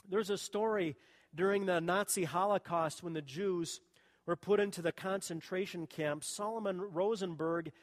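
A male pastor preaching a sermon, telling a story with passion, dropping to a hush and then building up loud. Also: high voice. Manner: impassioned storytelling, swings from hushed to loud. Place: church. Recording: long reverb of a church hall.

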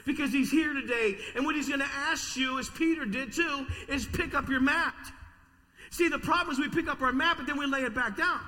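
A man preaching a sermon to a congregation in a church, energetic with call-and-response. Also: extremely high pitch, long reverb tail. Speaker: pastor. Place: church sanctuary.

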